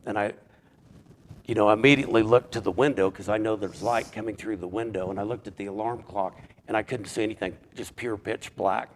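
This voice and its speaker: A man with a fairly low voice tells his personal testimony. He speaks haltingly, restarting sentences and repeating words as he works his way through it. The delivery is plain and unscripted. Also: steady tone, a little hiss or hum. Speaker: church member giving a testimony.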